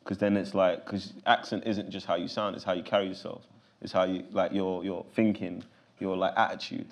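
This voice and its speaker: A man with a London accent, answering interview questions in an animated, loose way full of casual fillers. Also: low voice, fairly quick, creaky. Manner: animated, loose, full of fillers like "you know what I'm saying". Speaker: actor guest.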